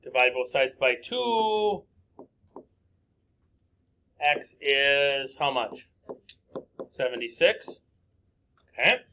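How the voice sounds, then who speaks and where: Slow, bright-voiced male math teacher. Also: medium pitch, slight background noise. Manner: asks questions aloud and answers them, step by step. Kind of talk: recorded lesson working through problems.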